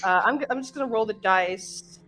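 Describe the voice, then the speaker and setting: A woman's voice: mid-range voice, a little fast, soft background music. Chatty woman player. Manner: chatty, animated, full of fillers. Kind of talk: playing a tabletop game.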